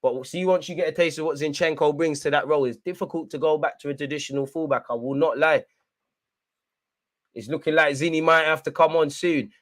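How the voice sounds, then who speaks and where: A young man giving live fan commentary on a football match, shouting at the referee and players and urging his team on. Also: fairly high pitch, fairly even intonation, fairly quick. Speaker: football watchalong host.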